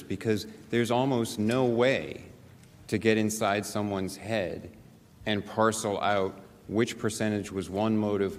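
A man giving a formal, measured legal argument as defense counsel at a podium microphone in a large chamber. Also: on the low side, a little hiss or hum. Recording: long reverb in large chamber, faint ambience.

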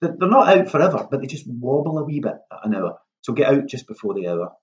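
A man's voice: medium pitch, fast talker, dull audio. A man, a playwright, giving casual, self-mocking writing advice in a workshop talk. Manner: lively, self-mocking, acts out lines in a hushed voice.

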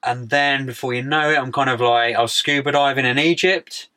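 A man's voice: medium pitch, steady tone, a little fast, sharp tone. A young man chatting casually as a podcast guest, laid-back, full of slang and "mate". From United Kingdom. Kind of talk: casual interview chat.

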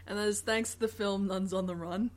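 A woman co-hosts a podcast in loose, casual chat. She jokes, laughs often and swears freely, with a voice of ordinary pitch. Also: fairly even intonation, a little fast. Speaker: podcast co-host.

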